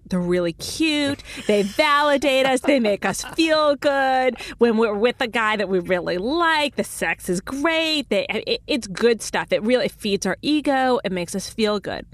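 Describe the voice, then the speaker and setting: A woman in her thirties hosting a call-in relationship advice radio show, explaining quickly with many restarts and laughing easily. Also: on the high side.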